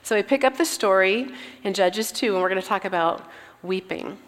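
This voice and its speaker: Woman, sermon, earnest reflective teaching, mid pitch, long hall reverb. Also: moderate pace. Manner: earnest, reflective teaching with read-aloud scripture. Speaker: Bible teacher.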